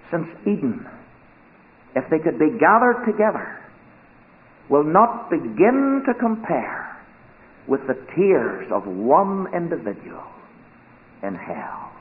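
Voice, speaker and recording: A high-voiced man preaches slowly and solemnly, pressing each phrase and dropping to a near hush to drive it home. The sound is thin and tinny, like an old sermon tape. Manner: slow, solemn, emphatic delivery with dramatic drops to a hush. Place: church.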